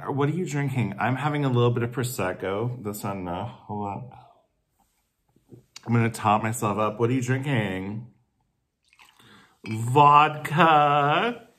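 Playing a supportive friend in a to-camera comedy sketch, this man's medium-pitched voice is a bit bright. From his home in the city, he's gushing and emphatic, sympathetically coaxing with stretched-out stressed words, then cursing in indignant flare-ups.

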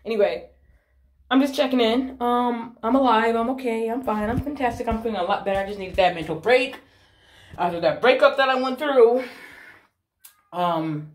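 A woman's voice: on the high side, moderate pace, slight background noise. A young adult woman chatting casually to her phone camera, swearing freely as she talks. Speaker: vlogger. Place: bathroom. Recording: echoey bathroom.

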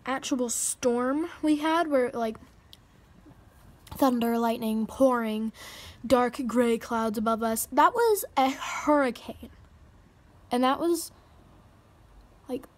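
A frightened teenage girl vlogging casually from home on a handheld phone, talking in a nervous, jittery way with breathy asides. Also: sits high, takes it slowly, long pauses. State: frightened and shaking. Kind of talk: casual vlog. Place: indoors at home by a window.

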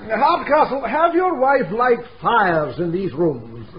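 A man's voice: sits high, sing-song, slow, crowd noise, exaggerated voice. An actor playing a mad, miserly old laird, stiff and clipped in his formal manners. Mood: cold formal. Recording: muffled old radio recording with hiss.

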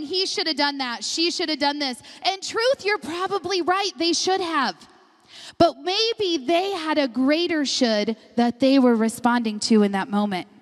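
A middle-aged woman pastor delivers a sermon in a slightly high voice, full of personal stories. She talks in an animated way and breaks into laughter often. Her voice carries with a long reverb through a large church hall. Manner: animated storyteller, laughs often mid-sentence. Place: church sanctuary.

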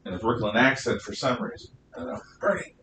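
Guy teaching history, lively opinionated lecture, far off mic, echoey classroom. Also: lowish voice, slight background noise. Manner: lively, opinionated, spells words out slowly. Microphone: distant room mic.

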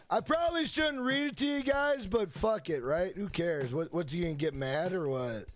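A man's voice: sits high, moderate pace, few pauses, soft background music. Brash, foul-mouthed streamer man. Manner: brash, profane, shouts greetings to chat. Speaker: gaming livestreamer. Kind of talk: casual livestream chat.

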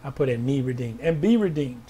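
A man reading out prophetic words to named listeners, repeating each one slowly and loudly, then explaining it in quiet, halting asides. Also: medium pitch, animated, breathy edge. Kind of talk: informal prophetic reading with commentary.

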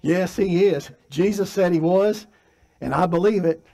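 Male pastor, fairly high voice, preaching in church, moves between forceful emphasis and hushed delivery. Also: unhurried, gravelly. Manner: preaching with swings from loud emphatic to soft and quiet. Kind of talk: sermon. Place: church sanctuary.

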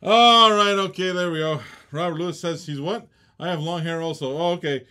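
A man's voice: on the high side, fairly quick, pushed and bright. A man co-hosting a live toy car auction, playful and laughing as he calls out the bids.

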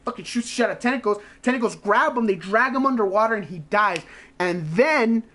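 A man streaming games who rants in a casual, rambling way, swearing constantly and acting out his own reactions in quick asides. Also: sits high, expressive, pushed and bright. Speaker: game streamer. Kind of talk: casual profane gaming rant.

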